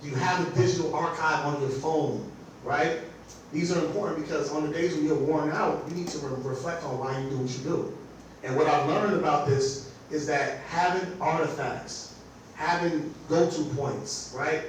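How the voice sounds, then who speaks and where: A man's voice: on the high side, fairly even intonation, normal speed, a little hiss or hum. Guy running a teacher workshop, chatty, lots of "right?", mic far off in a super echoey room. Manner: conversational, keeps checking in with the audience by asking "right?". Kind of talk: live workshop presentation.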